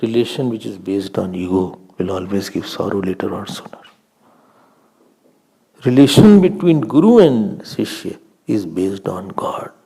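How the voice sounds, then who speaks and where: An older man with an Indian accent giving a slow spiritual discourse as a swami, telling stories, asking questions and laughing often. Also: lowish voice, lively intonation, creaky, dark tone, breathy edge.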